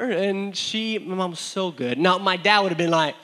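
A man from the San Diego area giving a sermon, telling stories with animated, self-deprecating energy and frequent restarts. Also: high-pitched, normal speed, hardly any pauses, poor audio. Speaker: pastor. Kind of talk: sermon with personal storytelling.

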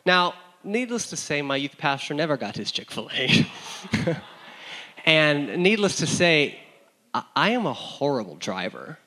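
A man from the San Diego area giving a sermon, telling stories with animated, self-deprecating energy and frequent restarts. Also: a little high, unhurried, low-quality recording. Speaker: pastor. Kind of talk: sermon with personal storytelling.

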